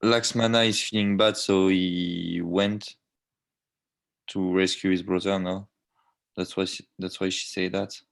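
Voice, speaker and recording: A man answering a question in class in a hesitant, halting way. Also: deep voice, level tone, gravelly. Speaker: student.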